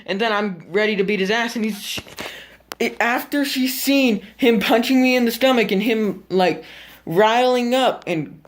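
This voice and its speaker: A teenage boy vlogging, casually telling a story to the camera, animated and full of swearing as he acts out what happened. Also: extremely high pitch, normal speed, slight background noise. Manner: animated, profane, acts out the scene.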